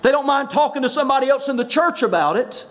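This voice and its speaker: Pastor, male, very high pitch, preaching hard with shouted emphasis. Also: expressive, fast talker. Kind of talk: sermon.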